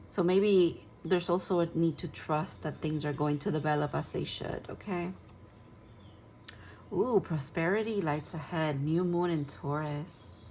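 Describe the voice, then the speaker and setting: Low-pitched woman tarot reader, dreamy and gushing, loose rambling reading, faint hum behind. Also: a little mellow, low-quality recording. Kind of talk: casual spoken tarot reading.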